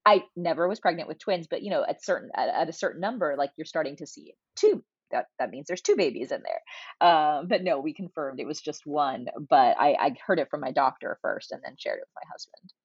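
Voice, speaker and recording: A woman in her forties with a low, husky voice, talking in a chatty, animated interview. Her sound is dry and a little dull and muffled. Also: a little fast, dry recording. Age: 40s. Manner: chatty, animated storytelling with many fillers. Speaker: guest. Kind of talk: casual conversational interview.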